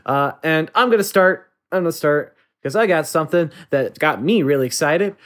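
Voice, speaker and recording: A podcast host in loose, casual chat, trailing off into fillers and breaking into giggles as they go. The voice sits at an ordinary middle pitch. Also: lively intonation, moderate pace, fairly bright tone. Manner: rambling, giggly, lots of fillers.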